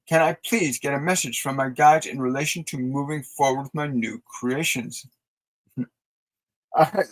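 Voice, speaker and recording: A man with a fairly high voice hosts a live spiritual guidance stream. He speaks in a soft, unhurried, soothing way, leading slow breathing and release exercises, then reads out viewer messages and answers them warmly. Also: rough recording. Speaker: psychic reader and host.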